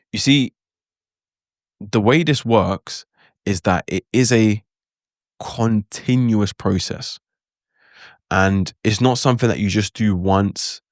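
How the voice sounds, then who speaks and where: A man with a fairly low voice gives a loose, chatty spoken lesson on language learning, full of asides. He acts out his own reactions in quotes. The audio is studio quality with no echo.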